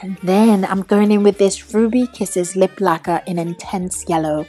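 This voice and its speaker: A woman's voice: mid-range voice, fairly even intonation, moderate pace, loud music behind the voice. Young woman in a put-on British accent. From Trinidad. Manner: chatty and gushing. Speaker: beauty vlogger. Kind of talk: makeup tutorial voiceover.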